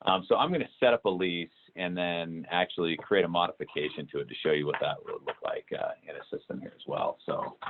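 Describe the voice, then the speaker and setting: A man walking through a software demo in a webinar, talking with many fillers and restarts. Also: low-pitched, fairly quick, hardly any pauses, a little hiss or hum. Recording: tinny phone-like call audio.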